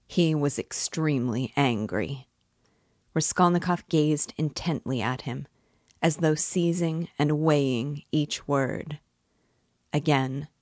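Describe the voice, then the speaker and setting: A woman reads a classic novel aloud with a low, unhurried voice. Her delivery is measured and deliberate, and the recording is dry and close. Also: darkish tone, no room sound. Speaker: book club guide. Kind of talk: audiobook reading of a classic novel.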